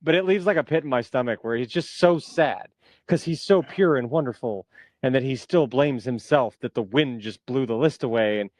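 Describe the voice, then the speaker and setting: A man co-hosting a podcast, speaking earnestly with real fondness and ready laughter. His pitch is middle and the recording dry and close. He talks with warmth about characters he loves. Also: no echo. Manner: earnest, fond, quick to laugh. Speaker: podcast co-host. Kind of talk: casual podcast chat.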